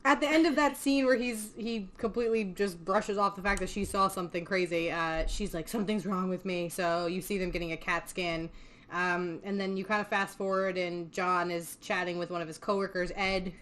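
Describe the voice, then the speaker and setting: A woman's voice: fairly low pitch, fairly even intonation, normal speed, fairly bright tone. A young woman hosting a casual podcast, recapping a film in a chatty way, laughing often and swearing casually. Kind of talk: casual chat.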